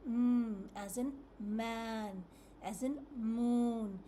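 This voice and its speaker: A woman teaches phonics at a very slow, patient pace, drawing out each letter sound and saying it over and over. Her voice sits a little high but sounds mellow and soft rather than bright. A faint hum of room noise runs underneath. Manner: patient, repeats each sound several times, drawn-out sounds.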